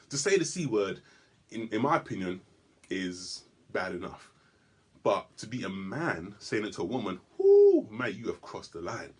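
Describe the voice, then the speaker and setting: Husky man doing stand-up. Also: low-pitched. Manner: animated storytelling with sudden loud outbursts; stammering restarts. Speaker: stand-up comedian. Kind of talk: stand-up comedy routine. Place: comedy club stage.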